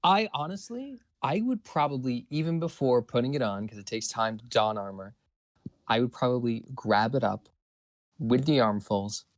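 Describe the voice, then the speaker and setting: A man playing a tabletop game, chatty and excitable, cursing now and then. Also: medium pitch, dry recording. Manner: excitable, chatty, swears casually. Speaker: player. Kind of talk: casual tabletop play.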